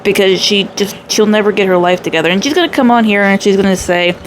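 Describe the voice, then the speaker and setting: A woman's voice: medium pitch, steady tone, fast talker, hardly any pauses, slight background noise. Sarcastic woman giving reaction commentary. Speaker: reaction channel host. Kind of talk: commentary over a reaction video.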